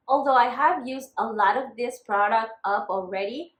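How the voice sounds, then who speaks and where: Casting: woman vlogger, fairly high voice, ranty and exasperated, echoey room. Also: normal speed, few pauses. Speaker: beauty vlogger. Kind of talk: casual vlog chat.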